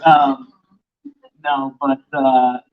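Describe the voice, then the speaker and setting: A male actor giving relaxed, joking answers in a casual interview. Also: mid-range voice, extremely slow. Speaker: guest actor. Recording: muffled live stream audio.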